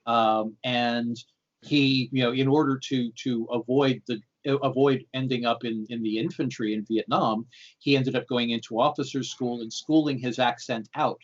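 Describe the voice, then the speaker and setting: American man, fifties, rambling guest chatter, mid pitch, muffled video call audio. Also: steady tone, moderate pace. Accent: General American. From United States. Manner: rambling with restarts and laughs. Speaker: guest game designer. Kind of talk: casual video call chat.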